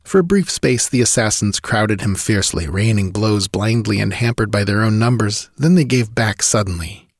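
Low-voiced man narrating an audiobook. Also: normal speed, few pauses, no room sound, studio quality. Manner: vivid, driving storytelling.

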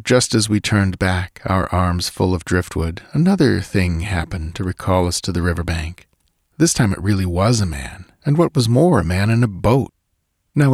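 Low-voiced man reading a story, dry sound. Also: darkish tone, dry recording. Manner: measured, deliberate reading. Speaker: audiobook narrator. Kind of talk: scripted story narration.

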